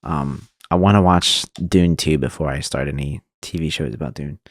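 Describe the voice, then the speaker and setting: A man co-hosting a podcast, talking about a TV episode in a relaxed, somewhat hesitant way. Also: rumbling low, normal speed, dry recording, studio quality. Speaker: podcast co-host. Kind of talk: casual chat about a TV episode.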